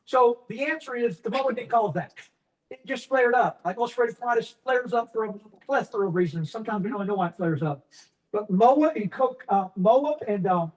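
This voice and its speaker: A man's voice: sits high, a little mellow, low-quality recording. A man coaching a live crowd at a business event, telling jokey stories. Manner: jokey, storytelling. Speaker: network marketing coach.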